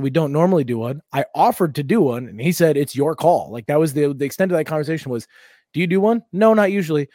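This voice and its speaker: Animated storytelling man, dry close mic. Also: mid-range voice, dry recording. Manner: animated, acts out quotes, swears freely. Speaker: podcast co-host, comedian. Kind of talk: casual storytelling chat.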